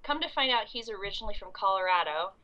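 A young woman with a congested, coughing voice tells a rambling story in casual chat. Her pitch sits in the middle, and her talk is full of ums and restarts. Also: expressive, fast talker, lo-fi sound. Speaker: convention goer recapping the event.

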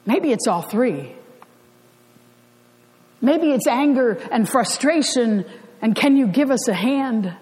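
A woman pastor preaches with a bright, high voice. She tells the story in a conversational, lightly humorous way. Her words carry a long reverb from the church sanctuary. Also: animated, takes it slowly, long pauses. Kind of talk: sermon.

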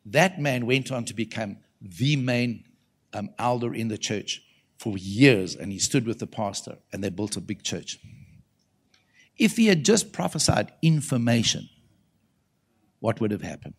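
A man's voice: on the low side, a little slow, slightly rough. A man preaching at a church conference in a conversational sermon style, telling stories animatedly and calling out to the congregation. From South Africa. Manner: animated storytelling, calls out to the congregation, voices quoted people.

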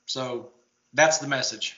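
A man's voice: medium pitch, slow, sharp tone, echoey room, dull audio. A man from Texas, a guest in a casual interview, talking in an earnest, motivational way over a remote line. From Texas, United States.

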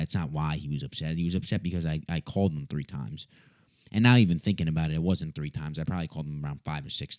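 A young man telling a funny story in a casual, animated way, swearing and mocking himself. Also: low-pitched, no room sound, clean studio sound.

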